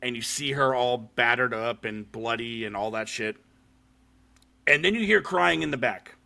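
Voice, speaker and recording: Speaking at a moderate pace with vocal fry, this man has a bright, forceful, medium-pitched voice. He's hosting a podcast and chatting casually through a horror short film recap, cursing often and filling gaps with ums and likes.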